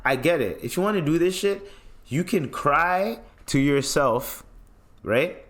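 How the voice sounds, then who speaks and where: A man's voice: on the high side, lively intonation, unhurried, a bit bright. A man hosting a podcast, ranting in a blunt, profane, mocking way as he gives casual commentary. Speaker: podcast host.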